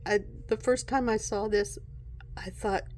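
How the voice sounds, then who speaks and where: A woman vlogging casually at home about her tarot decks, soft-spoken and unhurried, often breaking into giggles. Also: medium pitch, steady tone, a little hiss or hum. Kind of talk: casual show-and-tell vlog.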